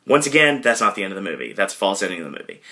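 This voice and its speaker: A man hosting a podcast, casually retelling a movie in a rambling way, with lots of fillers and quick impressions. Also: lowish voice, sing-song, pushed and bright. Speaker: podcast host.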